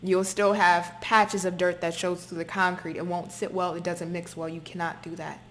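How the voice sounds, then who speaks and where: A woman's voice: fairly low pitch, level tone, normal speed, fairly bright tone, slight background noise. A woman giving a spoken tarot reading to her viewers, talking emphatically, repeating herself and swearing freely. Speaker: tarot reader.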